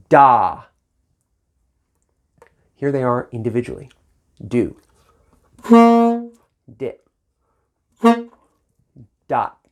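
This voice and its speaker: A man teaching a saxophone lesson on video, patient and encouraging, speaking syllables aloud in rhythm to demonstrate. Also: mid-range voice.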